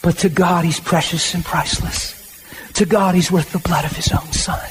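A man with a notably high-pitched voice delivers a sermon. He talks plainly and conversationally and keeps leaning into emphatic asides to the congregation. There is a faint hum of noise behind him. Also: fairly even intonation, normal speed. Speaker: preacher.

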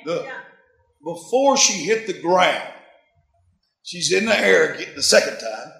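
A man in his sixties preaching, telling a story in an animated way and laughing often. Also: high voice, a little slow, gravelly, reverberant, low-quality recording. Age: 60s. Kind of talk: sermon storytelling.

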